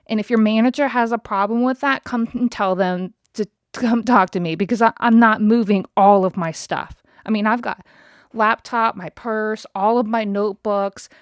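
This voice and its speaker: Woman in her thirties, podcast host, ranting, swears a lot, exasperated, middle pitch, dry close sound. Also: steady tone, normal speed, no room sound. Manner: profane, exasperated, talks straight to listeners. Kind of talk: casual storytelling rant.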